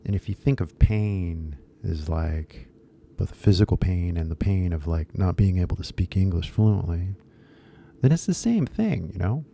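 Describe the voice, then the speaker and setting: A man's voice: low voice, animated, normal speed, creaky, warm tone, a little hiss or hum. A man with an American accent giving a casual, rambling English pronunciation lesson, repeating key words for emphasis. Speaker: English teacher.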